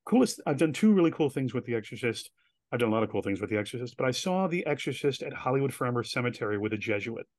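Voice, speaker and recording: A man as an interview guest, telling animated stories and acting out the voices of people he quotes. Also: mid-range voice, fast talker, dry recording. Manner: animated storyteller who acts out quoted voices. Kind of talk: casual storytelling interview.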